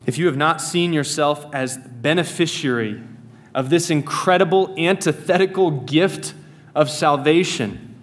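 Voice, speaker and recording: An American man preaching a sermon in a church, earnest and emphatic, repeating key phrases. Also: a little high. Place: church sanctuary.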